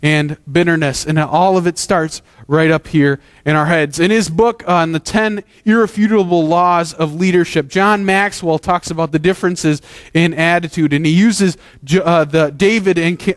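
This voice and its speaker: A man's voice: on the high side, fairly even intonation, moderate pace, no echo, studio quality. A man preaching a sermon as pastor, earnest and conversational, with frequent restarts.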